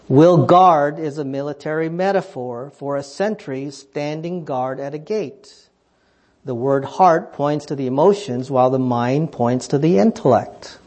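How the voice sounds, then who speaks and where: A male preacher delivering a sermon in a fairly high voice. He presses his points with rhetorical questions and climbs into fervent emphasis before dropping to low, quiet remarks.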